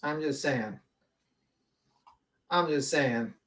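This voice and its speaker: Man hosting a livestream, slightly high voice, blunt and profane commentary. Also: extremely slow, a bit bright. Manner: blunt, profane, indignant asides. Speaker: livestream host. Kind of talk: livestream commentary reading a document aloud.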